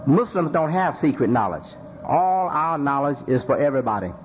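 Man, Muslim preacher, sermon, high-pitched, emphatic repetition, muffled old recording. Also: expressive, normal speed. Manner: rhetorical questions and emphatic repetition. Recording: dull lo-fi recording with faint noise.

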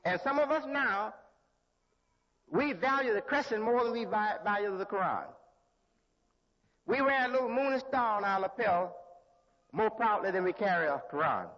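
A man preaching a sermon as a religious leader, slow and deliberate, with pauses and restarts. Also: sits high. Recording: lo-fi hall recording with long reverb.

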